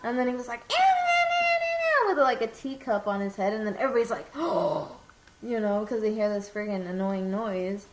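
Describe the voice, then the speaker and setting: A woman's voice: mid-range voice, fairly even intonation, brisk. A young woman chatting casually with a friend, telling a rambling story with lots of animation. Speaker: vlogger. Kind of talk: casual chat. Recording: echoey room with faint noise.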